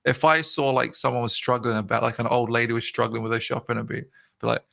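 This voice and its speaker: British male host, casual chat, gravelly, bright, laughs easily. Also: mid-range voice, fast. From Britain. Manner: laughing, animated, swearing casually.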